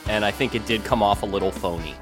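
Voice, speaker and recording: A man's voice: on the low side, quick pace, faint music behind. A man co-hosting a podcast over a video call, talking in a wry, self-deprecating way. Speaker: podcast co-host. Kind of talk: casual podcast chat. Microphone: remote video call.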